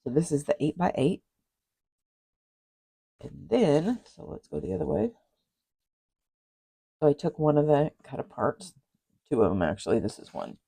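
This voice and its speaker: A woman's voice: low voice, animated, unhurried, gravelly, long pauses, dark tone, slightly rough, rough recording. A woman crafter chatting casually as she shows a handmade journal, rambling with asides and apologies. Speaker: craft vlogger. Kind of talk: casual journal flip-through chat.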